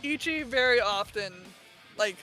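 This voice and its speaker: A woman's voice: on the high side, a little slow, pushed and bright, faint music behind. A woman guest streamer in casual chat, explaining her thoughts at length with a loose, reflective manner and frequent fillers.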